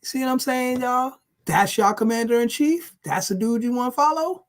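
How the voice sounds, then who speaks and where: High-pitched man, vlogger mid-rant, profane and mocking, keeps circling back. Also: normal speed, hardly any pauses. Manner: animated, profane, repetitive, mocking.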